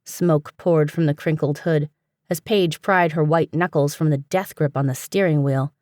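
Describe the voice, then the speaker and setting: A woman narrating a fantasy audiobook in a steady, even storytelling manner, recorded on a close studio mic. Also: low voice, moderate pace, no room sound. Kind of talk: scripted narration.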